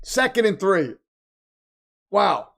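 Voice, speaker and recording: A man hosting a live watch party, reacting excitedly to the game and reading viewer comments aloud, his voice getting worn. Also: high voice, slow pace, vocal fry. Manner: animated, exclaiming, reads chat aloud. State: losing his voice. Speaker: livestream host.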